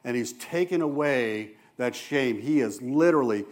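A man preaching a sermon as a church elder, speaking earnestly and turning quiet and soft when he voices gentle quoted words. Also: mid-range voice, moderate pace.

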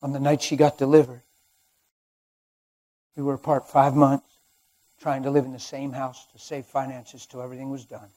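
A middle-aged man preaching a sermon as a personal testimony, swinging between hushed and loud as he tells the story. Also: mid-range voice, monotone, normal speed, long pauses.

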